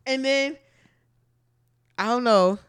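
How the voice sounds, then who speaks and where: A woman's voice: a little high, slow, clean tone, no echo. A young woman co-hosting a podcast, giving outspoken opinions in casual slang. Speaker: podcast co-host. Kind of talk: casual chat.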